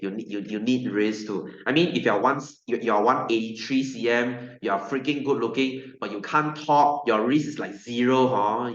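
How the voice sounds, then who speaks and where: A man with a Malaysian English accent teaching a science class online in a playful, joking, chatty way. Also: mid-range voice. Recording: echoey room, slightly dull lo-fi sound.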